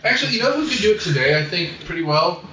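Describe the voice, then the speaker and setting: A man's voice: sits high, big pitch swings, fast. A man hosting a casual film discussion podcast, rambling, laughing often and swearing freely. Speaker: podcast host. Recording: roomy, distant, dull sound with faint noise.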